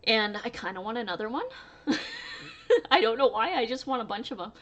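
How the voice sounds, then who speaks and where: A woman's voice: a little high, huge pitch swings, normal speed, fairly bright tone. A young woman vlogging casually to camera, chatty and storytelling, laughing often as she talks. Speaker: crochet vlogger.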